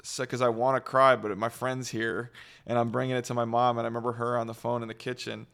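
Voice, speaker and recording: Creaky-voiced man, rambling and earnest. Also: mid-range voice, flat delivery, fast, fairly bright tone. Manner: rambling, heavy on fillers, earnest. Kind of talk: casual faith talk.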